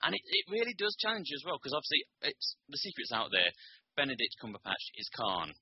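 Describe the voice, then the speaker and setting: A man's voice: mid-range voice, fast talker, slightly rough, dry recording. Man, podcast co-host, ranting, dull lo-fi recording. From England. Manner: ranting, animated. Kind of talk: casual chat. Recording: dull lo-fi sound.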